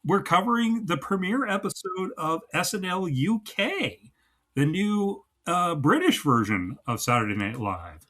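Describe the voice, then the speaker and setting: A man's voice: high-pitched, sing-song, measured pace, a bit bright. A man from New Jersey co-hosting a podcast, chatting casually and laughing easily. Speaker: podcast co-host. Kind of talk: casual chat.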